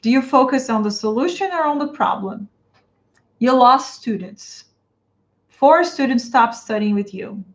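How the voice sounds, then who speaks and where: A woman from Brazil, with a Brazilian Portuguese accent and a fairly high, expressive, unhurried voice, coaches English teachers during a live stream. She replies to viewer comments, talks straight to her audience, and repeats her phrases, all over dull lo-fi stream audio.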